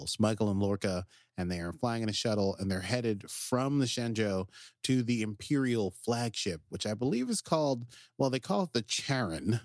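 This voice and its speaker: Lively low-voiced man recapping a show. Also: no echo, clean studio sound. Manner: animated, jumps into quoted character voices. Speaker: podcast co-host. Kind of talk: casual recap chat.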